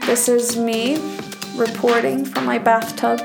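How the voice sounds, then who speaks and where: A sexologist from Iceland talks a little slowly and flatly in a slightly high voice with vocal fry, music in the background. Her casual storytelling monologue includes laughs and fillers, captured on a phone headset as she sits in her bathtub.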